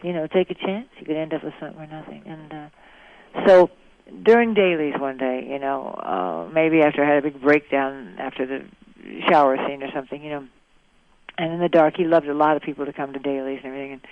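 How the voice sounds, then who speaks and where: A woman's voice: low voice, a little fast, no room sound. Older female actress guest, rambling anecdotal style, phone-quality audio. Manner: rambling storyteller with many you-knows. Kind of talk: anecdotal interview chat. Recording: dry tinny phone-like line.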